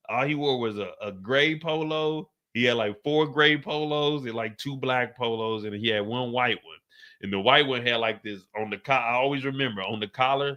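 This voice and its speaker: A middle-aged man hosting a stream, telling a story in a casual, animated way with lots of cursing, raising his voice when he acts out what people said. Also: mid-range voice, lo-fi sound. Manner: animated, profane, acts out quotes in a raised voice. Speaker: streamer host.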